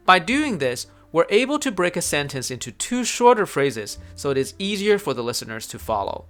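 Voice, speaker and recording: A tutor whose first language is Chinese, explaining grammar in a clear, scripted lesson narration. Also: mid-range voice, fairly bright tone. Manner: clear, explanatory teaching delivery.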